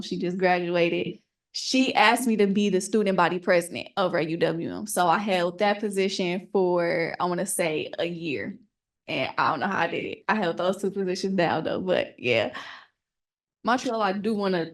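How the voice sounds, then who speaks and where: A young woman speaks on a panel in a middle-pitched voice. Her story comes out candid and earnest. She acts out the lines other people said to her as she tells it. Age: young adult.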